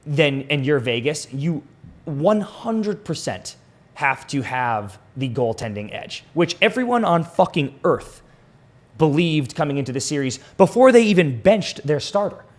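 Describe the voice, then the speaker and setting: Excitable, swearing hockey podcast guy. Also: fairly high pitch, a little slow. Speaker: podcast co-host. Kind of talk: casual hockey chat.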